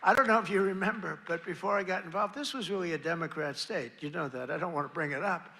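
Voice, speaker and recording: Crowd noise fills this rally recording of an older man speaking politically, bragging, repeating himself and wandering off on tangents. He talks quickly in a high, pushed, bright voice.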